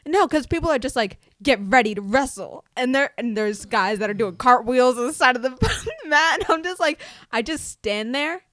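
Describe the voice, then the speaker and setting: A young woman co-hosting a casual chat, talkative and quick to laugh. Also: high voice, expressive, a bit bright, no room sound, clean studio sound. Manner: laughing, chatty. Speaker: co-host, young wrestler.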